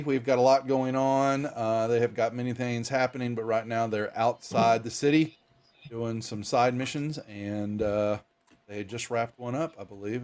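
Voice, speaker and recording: A man hosting and running a tabletop role-playing game, talking in a rambling, laid-back, self-deprecating way. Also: mid-range voice. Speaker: dungeon master. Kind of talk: casual game mastering.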